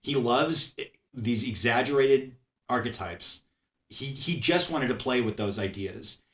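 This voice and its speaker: A man co-hosting a podcast, chatting casually in an animated way, laughing often and restarting his phrases. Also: medium pitch, unhurried, reverberant. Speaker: podcast co-host. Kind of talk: casual chat.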